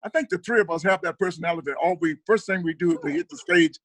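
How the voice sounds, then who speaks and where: A man, a guest comedian, chatting casually on a video call and acting out family stories with animated delivery. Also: high-pitched, fast, no echo. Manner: animated storyteller, mimics his dad. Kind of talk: casual chat.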